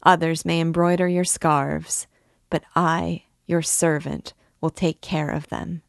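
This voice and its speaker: Woman voicing an ardent young dancing girl, low and gravelly, slow pleading delivery. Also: flat delivery, dry recording, studio quality, exaggerated voice. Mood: lovestruck. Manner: pleading, lovestruck.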